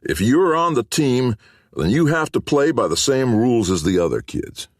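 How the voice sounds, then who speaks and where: Man doing a gruff bullying coach. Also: medium pitch, very animated, normal speed, no room sound, studio quality, pitched above the performer's own voice. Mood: scornful. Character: bullying middle-aged male coach and teacher.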